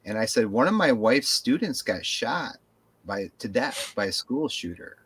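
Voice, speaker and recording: A man's voice: mid-range voice, moderate pace, husky. A man on a podcast, chatting casually and telling rambling stories with plenty of profanity. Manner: rambling, animated storytelling with profanity. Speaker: podcast co-host. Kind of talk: casual chat.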